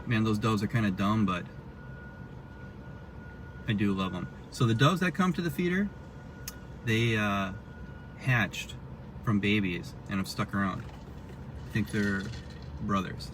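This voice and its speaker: A man's voice: lowish voice, animated, measured pace, long pauses. A man chatting casually while he drives, rambling and poking fun at himself as he records a vlog. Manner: rambling, chatty, self-mocking. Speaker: vlogger. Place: inside a car while driving. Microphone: dash-mounted camera. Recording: distant car mic with road noise.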